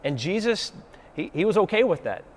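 A man's voice: sits high, big pitch swings, brisk. Southern man talking faith casually. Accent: Southern American. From Southern United States. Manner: folksy, uses homespun analogies.

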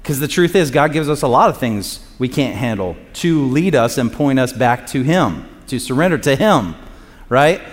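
A man's voice: mid-range voice, expressive, moderate pace, in a large hall. A man preaching a sermon in a casual, joking way, acting out quotes. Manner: conversational and joking, acts out quotes. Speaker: pastor.

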